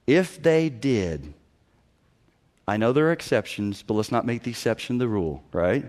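A middle-aged man preaching a sermon as a pastor, animated, often acting out other people's voices and breaking into sudden loud bursts. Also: mid-range voice, moderate pace.

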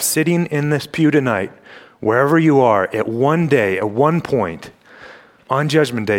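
Emphatic young man preaching a sermon. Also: medium pitch. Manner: emphatic, rhetorical questions, frequent throat-clearing. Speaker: campus ministry preacher. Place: church sanctuary.

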